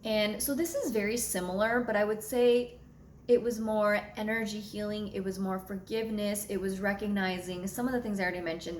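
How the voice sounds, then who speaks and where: A woman's voice: mid-range voice, echoey room, slight background noise. A young adult woman astrologer telling a personal story to her viewers in a candid, blunt way, swearing freely. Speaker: astrologer and channel host.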